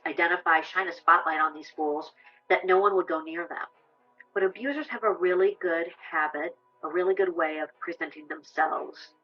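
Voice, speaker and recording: Woman telling her story in an interview, lowish voice, lots of um and you know, muffled-ish audio. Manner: earnest, hesitant, many fillers. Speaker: abuse survivor sharing her story. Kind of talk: documentary interview.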